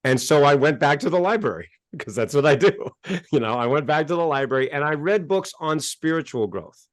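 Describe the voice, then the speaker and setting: Guy guesting on a podcast, fairly high voice, gets worked up telling his story, dry close sound. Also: fairly quick, no room sound. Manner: animated, gets worked up and acts out exchanges. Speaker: interview guest, self-help author. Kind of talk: casual interview storytelling.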